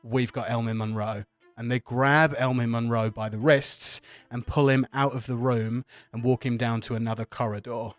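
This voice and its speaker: A man's voice: medium pitch, steady tone, normal speed, hardly any pauses, faint music behind, close to an everyday voice. A man playing a cold, commanding naval officer. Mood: stern. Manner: clipped, commanding, threatening.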